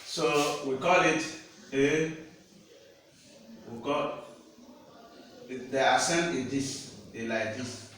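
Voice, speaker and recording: A man teaching a language lesson. He speaks slowly, repeats each word, and often asks the listener whether they understand. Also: mid-range voice, a bit bright, slight background noise. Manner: slow, repeats words and checks understanding. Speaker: French teacher. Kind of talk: classroom-style language lesson. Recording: echoey room, voice from a distance.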